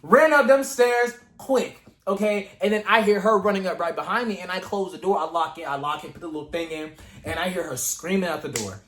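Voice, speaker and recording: A man's voice: sits high, fairly quick, a bit bright. A young man vlogging a casual storytime to camera, retelling events dramatically with slang and asides to his viewers. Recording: echoey room.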